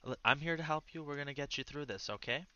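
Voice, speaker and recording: Man in tabletop role-play, very bright tense tone, muffled lo-fi mic. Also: a little high, fast talker. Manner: eager, stammering restarts. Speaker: player voicing a detective.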